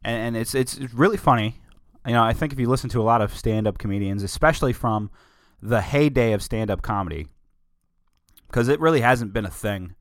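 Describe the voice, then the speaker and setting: A man's voice: lowish voice, no room sound, clean studio sound. A man hosting a solo show, talking casually in a rambling, opinionated way with many digressions. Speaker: podcast host.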